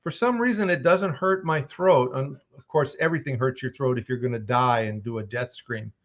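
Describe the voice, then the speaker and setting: A man's voice: medium pitch, normal speed, muffled recording. A man, a voice actor, chatting casually with fans on a livestream and telling stories as he answers questions. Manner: chatty and storytelling.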